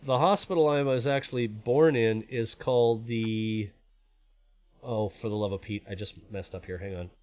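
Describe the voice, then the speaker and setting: A man's voice: fairly low pitch, normal speed, darkish tone, dry recording. Chatty rambling man hosting a stream. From born in Canada, raised in the US. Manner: rambling, chatty and self-deprecating. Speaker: stream host. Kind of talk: casual live-stream chat.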